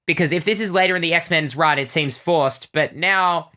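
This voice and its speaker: A woman's voice: sits low, normal speed, bright, forceful tone. A woman co-hosting a casual comic-book podcast, recapping with enthusiastic, rambling chatter and plenty of "like"s. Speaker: podcast co-host.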